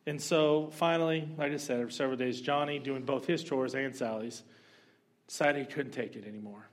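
A male pastor delivering a sermon in a relaxed, conversational way and telling stories with lively energy. His voice sits at a medium pitch, and he talks to his listeners as if in plain everyday speech. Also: a little fast. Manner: conversational, animated storytelling.

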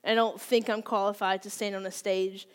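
A woman's voice: medium pitch, level tone, moderate pace, smooth. A woman in her twenties giving a candid, conversational sermon, open and self-deprecating about her own faults. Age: 20s. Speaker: youth speaker.

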